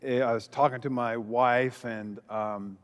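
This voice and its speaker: A man's voice: mid-range voice, fairly even intonation, a little slow. A man speaking as a pastor at a conference, telling a story with lots of energy and acting out the lines he quotes. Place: large hall before an audience. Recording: long reverb of a large hall.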